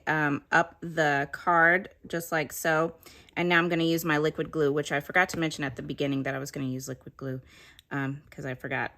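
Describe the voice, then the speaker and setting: A woman's voice: deep voice, pushed and bright. A woman giving a casual craft tutorial, chatting and explaining each step as she works. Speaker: craft demonstrator.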